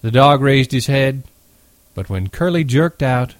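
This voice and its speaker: A man narrating a novel as an audiobook in a steady, measured reading. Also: medium pitch, no room sound.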